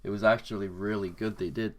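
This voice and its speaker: A man reads out a flustered teenage hero student with a deep, low-set voice. The boy talks in a hurried, apologetic, chatty way, as in a read-aloud fan story. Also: fairly even intonation, natural voice. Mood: sheepish.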